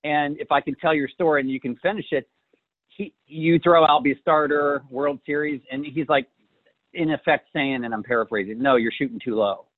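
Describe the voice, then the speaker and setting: A man's voice: fairly high pitch, fairly even intonation, normal speed, dry recording. A man hosting an interview, who enthusiastically retells his guest's stories in his own words. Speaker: host. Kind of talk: podcast interview. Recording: tinny phone-like call line.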